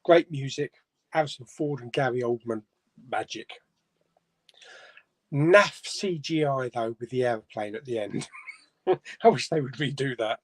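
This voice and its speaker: A man's voice: medium pitch, measured pace, long pauses, no room sound. Chatty man hosting a live stream. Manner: chatty, chuckling, reads comments aloud. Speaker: host of a live chat stream. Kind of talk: casual live-stream chat reading viewer comments. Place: home room.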